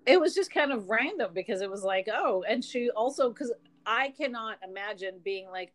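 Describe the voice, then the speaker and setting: A woman's voice: on the high side, animated, normal speed. A woman co-hosting a podcast, casually retelling a story's plot with chatty asides. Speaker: podcast co-host. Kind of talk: casual book chat.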